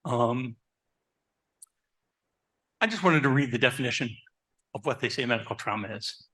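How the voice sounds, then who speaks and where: A man who works as a therapist, giving a lively talk to an audience, asking them questions and telling stories about his own life. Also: medium pitch, moderate pace. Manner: animated, asks the audience questions; personal anecdotes, conversational. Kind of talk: live presentation to an audience.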